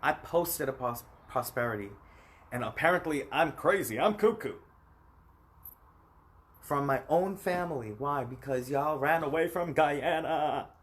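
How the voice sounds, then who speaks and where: A man's voice: fairly high pitch, moderate pace, fairly bright tone. A man in his thirties from the United States, talking to his phone in a rambling, emphatic personal vlog. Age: 30s. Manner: rambling, emphatic, talks straight at the viewer.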